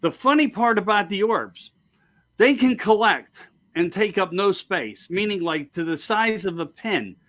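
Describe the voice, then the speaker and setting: Eager high-voiced male show host. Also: animated, fairly bright tone. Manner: eager, quick to chime in, talks in loose run-on sentences. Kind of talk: casual interview chat.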